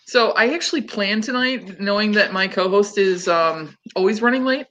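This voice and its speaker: A woman's voice: medium pitch, moderate pace, a bit bright. A woman hosting a casual livestream, chatting loosely with many ums and restarts. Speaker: host.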